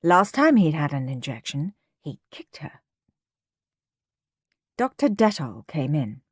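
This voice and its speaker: A woman narrating a children's storybook aloud in an expressive way, close to a studio mic. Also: deep voice, slow, husky, dry recording. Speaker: audiobook narrator.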